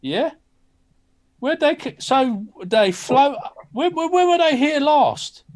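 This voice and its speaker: Male player, high voice, friendly in-character banter. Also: very animated, takes it slowly, darkish tone. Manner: friendly, colloquial, hesitant. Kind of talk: in-character tabletop role-play.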